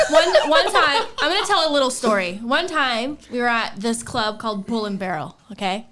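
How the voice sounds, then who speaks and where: A woman's voice: on the high side, normal speed, long pauses, very noisy. A woman hosting a podcast in casual chat, blunt and swearing freely as she tells stories. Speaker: podcast host.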